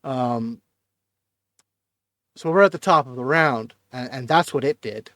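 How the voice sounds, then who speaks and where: A man narrates a tabletop game as its game master. He lays out scenes at an easy, descriptive pace. His voice sits at a middle pitch, recorded close and dry. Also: fairly bright tone, no echo. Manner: descriptive, unhurried scene-setting.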